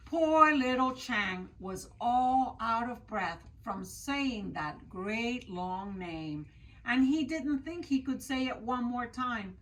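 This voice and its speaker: Slow, expressive woman storyteller. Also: fairly high pitch, low-quality recording. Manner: expressive, slow, asks listeners questions. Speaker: library storyteller. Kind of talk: reading a picture book aloud to children.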